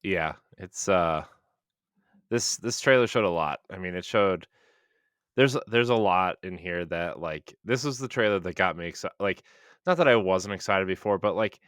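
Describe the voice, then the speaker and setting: A man co-hosting a casual podcast, rambling with excitement and repeating himself. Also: sits low, normal speed, smooth, no echo, studio quality. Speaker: podcast co-host.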